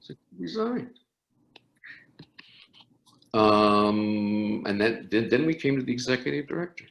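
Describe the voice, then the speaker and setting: An older man, an orchestra conductor, telling animated anecdotes in an interview with frequent restarts. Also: fairly low pitch, measured pace, gravelly. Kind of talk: storytelling interview. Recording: roomy echo.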